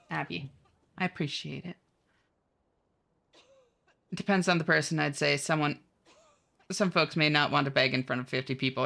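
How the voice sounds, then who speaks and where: A woman gaming on a livestream giggles and chats with viewers, reading their messages aloud in a casual back-and-forth. Her voice sits low with vocal fry and a fairly bright tone.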